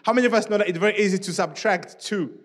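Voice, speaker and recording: A man preaching a sermon in a church, speaking in an animated, conversational way with many asides to the congregation. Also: high voice, fast talker. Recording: long reverb of a church hall.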